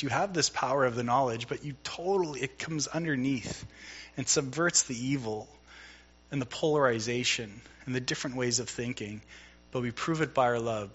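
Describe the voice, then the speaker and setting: Bright-voiced man preaching a casual sermon. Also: medium pitch, lo-fi sound. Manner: conversational, storytelling with mimicked dialogue. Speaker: pastor. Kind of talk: sermon with personal anecdote.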